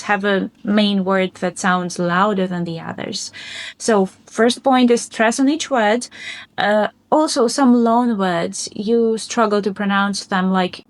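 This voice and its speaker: A woman's voice: fairly high pitch, no room sound. A woman acting as a speaking examiner, giving mock-test feedback in an encouraging way with frequent light laughs.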